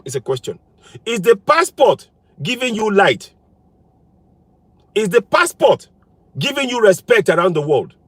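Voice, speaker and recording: A man's voice: high voice, husky, dry recording. A man giving an impassioned political monologue as a commentator, firing repeated rhetorical questions in an insistent, emphatic way. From Nigeria.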